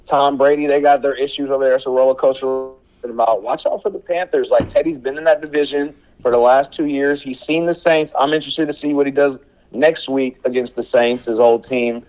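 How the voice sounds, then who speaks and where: A man's voice: medium pitch, steady tone, a little fast, low-quality recording. A man guesting on a casual sports podcast, laid-back and slangy, joking with the host.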